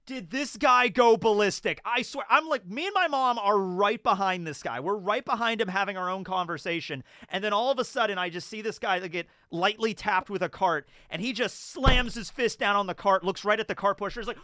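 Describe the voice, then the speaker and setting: A YouTube host tells stories and offers commentary in a casual, rambling way, full of fillers. His high, smooth voice sounds bright and pushed, with lively intonation and a moderate pace. The studio recording is clean, with no room sound.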